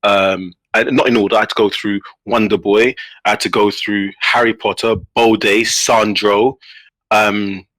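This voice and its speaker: A man telling a story in a casual podcast chat, animated, with many restarts. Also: lowish voice, measured pace, dry recording, poor audio. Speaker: guest player.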